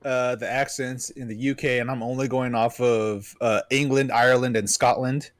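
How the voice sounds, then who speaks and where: A man's voice: medium pitch, flat delivery, normal speed. A man joining a podcast chat, easygoing and laughing between remarks. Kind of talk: casual chat.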